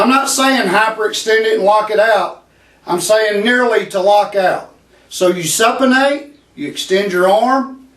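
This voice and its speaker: A man's voice: sits high, fairly bright tone. A man talking to camera in a casual instructional way, earnestly explaining step by step, often restarting and checking in with "okay.". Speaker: vlogger demonstrating grip training. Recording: roomy echo, mic at a distance.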